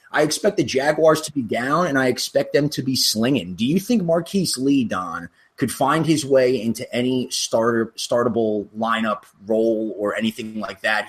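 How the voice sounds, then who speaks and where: A man co-hosting a sports podcast in loose, joking chat, swearing now and then. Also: mid-range voice. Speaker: podcast co-host.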